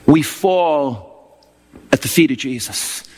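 A man's voice: mid-range voice, animated, takes it slowly, a little mellow, husky, big-room sound. A man preaching a sermon, telling an emotional, fervent story. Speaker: pastor.

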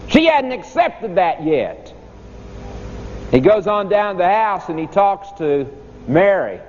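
High-voiced man preaching with drama. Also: big pitch swings, slow, a little mellow, slight background noise. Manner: emphatic, dramatic storytelling preaching. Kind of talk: sermon. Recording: long hall reverb, dull lo-fi sound.

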